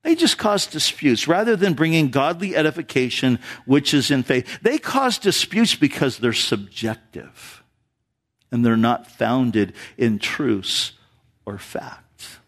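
A man's voice: mid-range voice, very animated, slow. A male pastor preaching a sermon in church, talking with the congregation through rhetorical questions.

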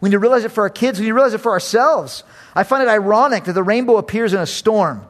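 A middle-aged man preaching a sermon as pastor, animated, swinging between loud and hushed, acting out other voices. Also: high voice, fast talker. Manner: acts out voices of kids and critics.

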